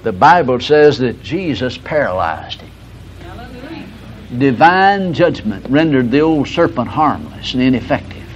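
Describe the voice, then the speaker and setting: An older man, teaching a broadcast sermon in a folksy storytelling way with slow, emphatic stresses. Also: mid-range voice, very animated, a little hiss or hum. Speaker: radio Bible teacher. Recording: dull lo-fi broadcast recording.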